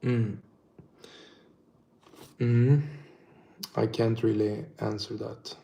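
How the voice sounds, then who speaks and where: Slow-talking Swedish man in a roomy echo. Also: fairly low pitch, little pitch movement, gravelly, dark tone. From northern Sweden. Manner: swears a lot, laughs often. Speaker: livestreamer. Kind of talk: casual livestream Q&A.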